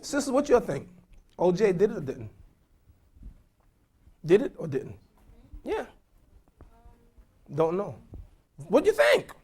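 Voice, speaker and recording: A man's voice: sits high, slow pace, long pauses, husky. A man teaching a class as an imam, questioning the audience and repeating points for emphasis. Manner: animated, questioning, repetitive emphasis.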